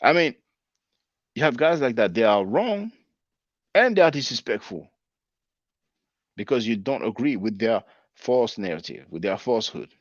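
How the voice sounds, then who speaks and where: A man's voice: mid-range voice, expressive, moderate pace, pauses often, no room sound, dull audio. A man in his forties hosting his channel, reading viewer comments aloud and answering them in casual commentary. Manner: conversational, spells words out, laughs at comments. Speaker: channel host reading live chat.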